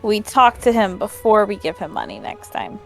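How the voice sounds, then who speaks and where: Woman at a game table, blunt and dry, mid-pitch. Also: big pitch swings, moderate pace, creaky, soft background music. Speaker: player. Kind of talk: casual tabletop chat.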